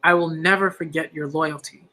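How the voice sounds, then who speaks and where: A man's voice: fairly high pitch, fairly even intonation, normal speed, bright, forceful tone, voice pushed down. A man reading aloud, voicing a stern, commanding female military leader.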